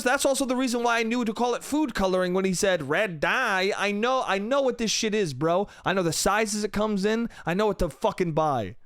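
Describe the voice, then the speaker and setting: Solo podcast host, young man, high bright voice, dry close sound, swearing exasperated rant. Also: no echo. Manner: profane, exasperated, mimics others mid-story.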